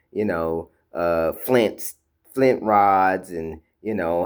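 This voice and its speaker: A man's voice: fairly low pitch, clean tone. A man casually telling a personal spiritual story, rambling with many fillers and repeated words, acting out quotes as he goes. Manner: retells quotes in a lively animated way.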